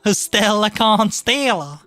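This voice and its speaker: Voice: medium pitch, animated, slow, pushed and bright, no room sound, soft background music, voice pushed up. A voice actor doing a folksy Southern woman who is a star being, with a twangy drawl, as a comedy bit in casual chat. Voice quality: twangy drawl, "yes sirree" folksy phrasing. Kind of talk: comedic improvised voice.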